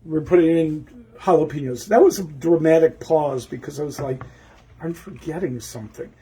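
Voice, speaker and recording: A man with a fairly high, dark-toned voice hosts a home cooking show at a moderate pace. He rambles through a recipe in his kitchen, talking to himself and often forgetting the next step in this casual cooking demonstration.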